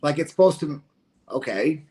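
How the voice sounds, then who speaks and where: A man's voice: fairly high pitch, lively intonation, normal speed, a little mellow. A man with a Kentucky Southern accent in casual late-night stream chat, rambling and indignant with many restarts. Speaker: stream co-host.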